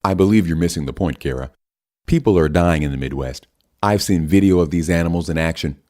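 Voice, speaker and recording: Narrator doing a blunt editor dude, low mellow voice, urgent. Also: male voice, brisk, close to an everyday voice. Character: blunt male newspaper editor.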